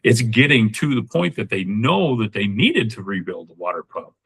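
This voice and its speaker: A man's voice: on the low side, sing-song, moderate pace, fairly bright tone, slightly rough, poor audio. A man in his sixties, a podcast guest talking in a casual, rambling way with lots of fillers and restarts. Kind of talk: casual interview talk.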